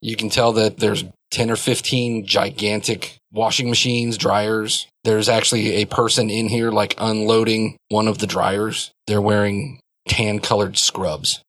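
Man, game master, loose descriptive narration, low voice, dry close sound. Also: level tone, unhurried, a bit bright, dry recording. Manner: loose and descriptive, many fillers.

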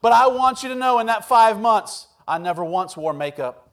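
A man preacher puts on a weeping woman standing up in church to confess. She speaks earnestly through tears, in a high voice. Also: expressive, moderate pace, lightly acted. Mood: tearful confession.

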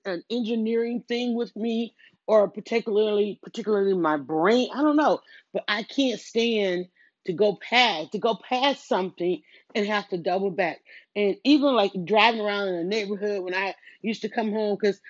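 A woman's voice: medium pitch, no room sound, dull audio. A middle-aged woman, talking casually and rambling while she does chores at home, interrupting herself and acting out her own thoughts. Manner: chatty, self-interrupting, storytelling with quoted self-talk. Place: at home, moving between rooms. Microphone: headset.

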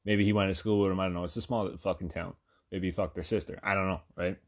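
A man's voice: deep voice, steady tone, fast. A man hosting a podcast, telling a rambling comedic story full of swearing and fillers. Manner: rambling, profane, lots of fillers. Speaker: podcast host.

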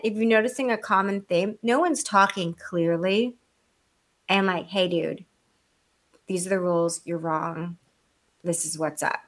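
An adult woman telling a story in casual chat, blunt and animated, swearing freely, with a condescending edge she admits to. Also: a little high. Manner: self-described condescending.

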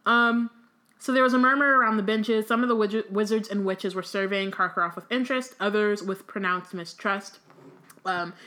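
A woman's voice: mid-range voice, a bit bright. Woman co-host, casual, lots of ums. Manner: casual, filler-heavy, reads with frequent ums. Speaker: podcast co-host. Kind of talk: casual chat and reading a book aloud.

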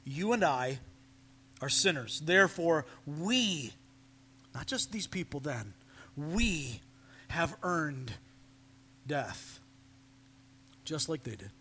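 Male pastor, unhurried earnest sermon delivery, sits a bit high, drops to near-whispers. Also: lively intonation, pushed and bright, slight background noise. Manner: slow, earnest preaching, dropping to near-whispers. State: coughing, fighting a sore throat.

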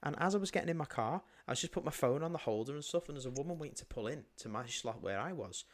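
A man's voice: mid-range voice, expressive, fast. A man co-hosting a podcast in casual chat, ranting and swearing freely. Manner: profane, ranting. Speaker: podcast co-host.

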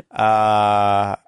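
A man's voice: on the low side, smooth, no echo, clean studio sound. A man co-hosting a movie podcast, chatting casually and rambling through stories, often stopping to correct himself. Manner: rambling, self-correcting storyteller. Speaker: podcast co-host. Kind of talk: casual chat.

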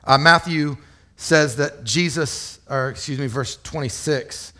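In an unhurried, conversational sermon, a pastor with a fairly high voice for a man explains scripture in plain terms. He regularly addresses the listeners with rhetorical questions.

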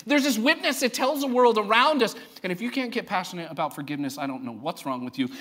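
Bright-voiced pastor preaching conversationally. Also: male voice, high voice, expressive, fast talker. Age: adult parent of a young child. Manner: conversational and joking, asks the congregation rhetorical questions. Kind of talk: sermon. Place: church.

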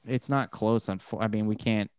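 A man talking casually about music, rambling and swearing, and he gets animated when excited. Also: fairly low pitch, normal speed, smooth, no echo, clean studio sound.

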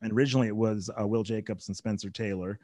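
A man's voice: lowish voice, fairly even intonation, fast talker, dark tone, dry recording, clean studio sound. A man from North Carolina, a comedian guest chatting on a podcast, rambling and full of restarts. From Charlotte, North Carolina. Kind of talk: casual podcast conversation.

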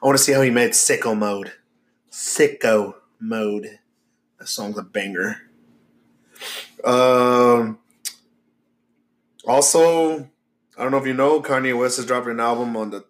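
A man's voice: medium pitch, unhurried, pauses often. Casual-talking man co-hosting a podcast. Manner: relaxed, swears freely, lots of "like" fillers. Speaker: podcast co-host. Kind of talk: casual chat.

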